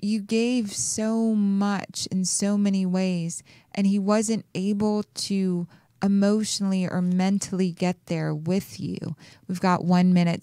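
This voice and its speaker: Woman radio host, measured and gentle, dry close studio mic. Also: medium pitch, smooth, no echo. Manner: slow, soothing, halting with fillers. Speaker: radio show host and intuitive reader. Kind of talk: on-air caller reading.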